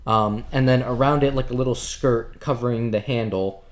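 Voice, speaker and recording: A man's voice: mid-range voice, fairly even intonation, normal speed. Joking male game master. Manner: joking, loose descriptive narration. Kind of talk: narrating a tabletop game.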